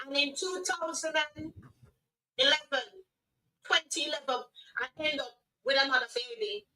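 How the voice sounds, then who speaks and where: A middle-aged Jamaican-accented woman speaks earnestly, with emotion, and often restarts her sentences. Her voice sits high and bright. She sounds a little far from the microphone. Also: moderate pace. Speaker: guest. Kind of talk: personal testimony on a radio livestream.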